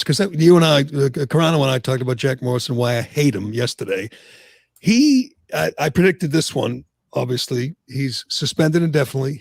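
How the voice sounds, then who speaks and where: A man hosting sports talk radio, opinionated and animated, who keeps tripping over his own words as he rants. His voice is gravelly and husky. The sound is close and dry, with no room in it. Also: mid-range voice, no echo. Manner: animated ranting, frequent restarts. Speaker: talk show host.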